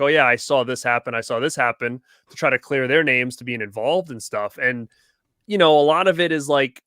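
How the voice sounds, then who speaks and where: A man's voice: medium pitch, a bit bright, no echo, clean studio sound. A man co-hosting a casual livestream, rambling and incredulous, laughing often over a video call. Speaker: co-host.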